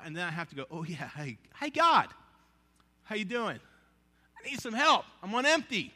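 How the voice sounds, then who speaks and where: A male pastor preaching a sermon, telling stories with animated conversational asides. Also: sits high, long reverb tail.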